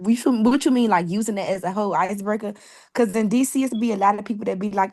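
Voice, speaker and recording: A woman speaks up from the class to ask a question. She talks quickly and casually while she checks what the trainer meant. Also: medium pitch, a little mellow, no echo. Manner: casual, clarifying.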